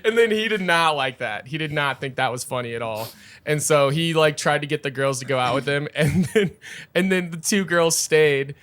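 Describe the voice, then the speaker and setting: A man's voice: on the high side, moderate pace, fairly bright tone. Profane bartender man telling stories. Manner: profane storytelling, acting out customers. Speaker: bartender, podcast co-host. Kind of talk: casual chat.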